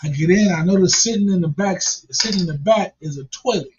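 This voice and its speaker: A man's voice: high voice, fast talker, background noise. A man casually telling a profane, funny story and laughing along as he goes. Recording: dull lo-fi recording.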